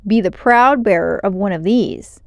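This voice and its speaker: A woman's voice: mid-range voice, normal speed, vocal fry, dry recording, studio quality, close to an everyday voice. Woman voicing a welcoming alien ambassador.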